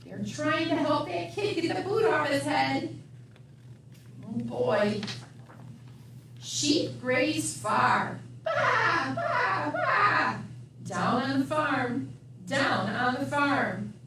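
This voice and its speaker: Middle-aged woman, children's librarian at storytime; slow chanting read-aloud, recorded off mic in a roomy space. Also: high-pitched, lively intonation, far from the mic, noisy background. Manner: sing-song, animal sounds, asks children questions. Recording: echoey room, voice from off mic.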